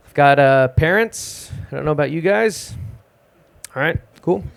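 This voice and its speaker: Deadpan young comedian on a club stage. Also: male voice, on the high side, measured pace, gravelly. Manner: deadpan, self-deprecating delivery. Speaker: stand-up comedian. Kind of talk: stand-up set at an open mic. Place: small live music club stage.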